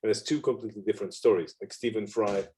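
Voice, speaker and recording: A man's voice: lowish voice, steady tone, quick pace, a little mellow, slight background noise. A man hosting a casual chat, laughing often and acting out little quotes. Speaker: podcast host. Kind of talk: casual conversation.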